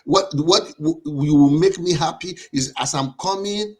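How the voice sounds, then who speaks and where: A married man on a discussion panel, using his own life as an example in a personal, storytelling way with halting restarts. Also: on the high side, husky. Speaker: panel guest.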